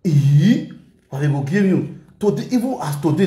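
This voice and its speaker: A man with a Nigerian Pidgin English accent giving animated gossip commentary, switching languages and mimicking people. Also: on the high side, moderate pace, echoey room. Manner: animated, mixes Pidgin and Yoruba, shouts and mimics. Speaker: gossip vlogger. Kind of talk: excitable commentary vlog.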